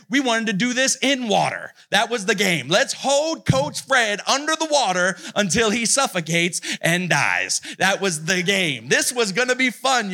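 A high-pitched male pastor preaching to students at a retreat. He tells a story with lots of energy, then sinks his voice low and slow when he makes the point. He sounds like a man in his thirties, casual and direct with his listeners. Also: bright, forceful tone. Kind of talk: sermon with personal story. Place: youth retreat hall.

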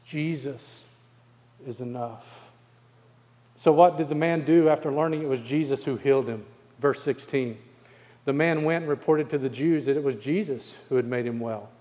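A male pastor preaching a sermon, asking the congregation rhetorical questions and slowing down to stress key phrases. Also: mid-range voice, mellow, big-room sound, muffled recording.

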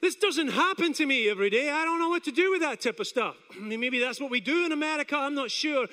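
High-pitched Scottish man preaching in a hall. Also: fast. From Scotland. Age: 40s. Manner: animated, self-deprecating storyteller who acts out his own inner doubts. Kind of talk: storytelling sermon.

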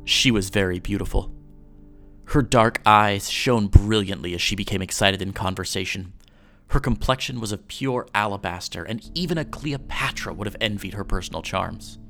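A man hosting a podcast, reading an old newspaper story aloud in a measured storytelling way. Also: on the low side, vocal fry, a bit bright, faint music behind.

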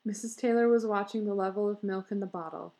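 A woman reads a story aloud in a measured, expressive way. Her voice is mellow and dark, with a gravelly fry. Her delivery is steady and clear, like a storybook reading. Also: mid-range voice, low-quality recording. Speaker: narrator. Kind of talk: storybook narration.

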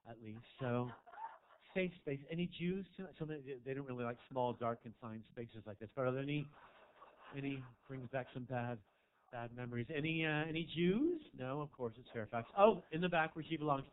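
A man doing a stand-up comedy set in a small club, with brash, campy crowd work that swings from loud to quiet. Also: medium pitch, brisk, a little hiss or hum. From American South. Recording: tinny phone-like audio.

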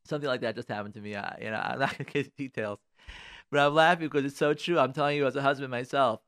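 A man hosting a radio show, giving advice in an animated monologue. He talks emphatically, repeats his phrases and acts out the thoughts of the people in his stories. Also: mid-range voice, fast talker, clear, resonant tone, no echo, studio quality.

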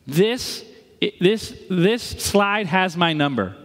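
High-voiced man preaching in a hall. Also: lively intonation, slow pace, fairly bright tone. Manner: conversational storytelling with playful asides. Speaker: pastor. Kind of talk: sermon. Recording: long reverb of a big hall.

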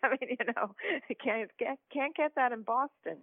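A man's voice: high-pitched, steady tone, normal speed, no echo. A man calling in to chat about politics, stumbling through restarts and tossing in sarcastic asides. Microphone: phone. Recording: tinny phone line.

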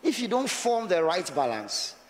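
A man's voice: high-pitched, sing-song, normal speed, in a large hall, faint music behind. A man with a Ghanaian accent preaching a sermon as pastor, talking conversationally and mixing Twi with English.

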